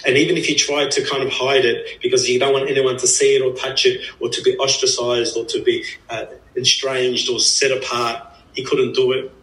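A man's voice: mid-range voice, a bit bright. A man preaching an earnest, emphatic sermon, repeating phrases for stress. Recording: echoey room, voice from a distance.

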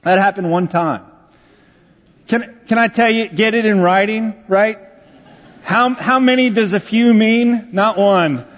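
A man's voice: sits high, unhurried. Male pastor, self-deprecating sermon storytelling, long church reverb, slightly muffled sound. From Texas, USA.

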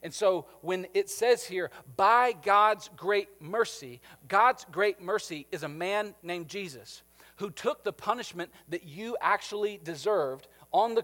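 A man in his thirties preaching a sermon, talking conversationally and checking in with the congregation. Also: high voice. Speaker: pastor. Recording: long hall reverb.

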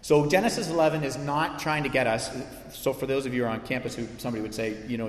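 A man preaching a sermon as pastor, animated and conversational, with frequent asides to his listeners. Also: mid-range voice, fast, a little hiss or hum. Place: church sanctuary. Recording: echoey church hall.

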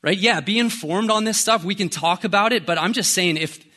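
Animated, bright-voiced young preacher. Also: male voice, sits high, a little fast. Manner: animated, storytelling, casual slang. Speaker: pastor. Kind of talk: conversational sermon.

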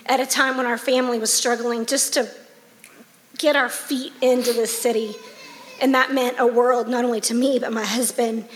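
A woman's voice: fairly high pitch, little pitch movement, normal speed, in a large hall, slight background noise. A woman giving a heartfelt personal testimony to a church congregation, getting emotional as she talks.

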